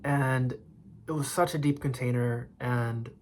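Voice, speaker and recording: A man in his thirties telling a personal story in a slow, reflective confessional way. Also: mid-range voice, steady tone, a little hiss or hum. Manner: slow, reflective, drops to a whisper for quoted moments. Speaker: vlogger sharing a personal story.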